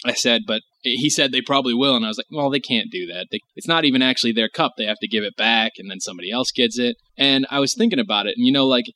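A man's voice: medium pitch, fast, few pauses, bright, forceful tone, a little hiss or hum. A man co-hosting a podcast, chatting casually and rambling, swearing now and then. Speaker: podcast co-host. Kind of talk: casual chat.

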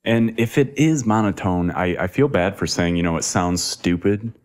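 A man's voice: low-pitched, moderate pace, a little mellow. A man co-hosting a casual chat, agreeable and laughing often. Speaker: podcast co-host.

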